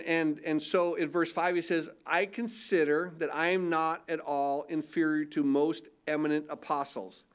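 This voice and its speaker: A man's voice: fairly high pitch, clear, resonant tone. An older man preaching a sermon as pastor, in a conversational style that stumbles and repeats words, sometimes breaking into mock-incredulous voices for emphasis. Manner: conversational preaching with repetitions and restarts.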